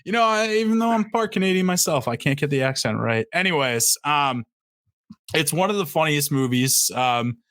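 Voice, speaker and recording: A man's voice: on the high side, expressive, normal speed, a bit bright, no room sound, studio quality. A man hosting a casual podcast chat over a video call, laughing often and restarting his sentences. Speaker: podcast host running the draft.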